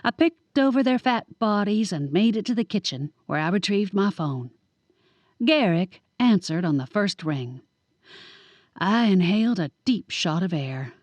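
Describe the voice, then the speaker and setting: A woman narrating a first-person audiobook in a lively, wry storytelling manner. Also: mid-range voice, measured pace, dry recording. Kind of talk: scripted narration.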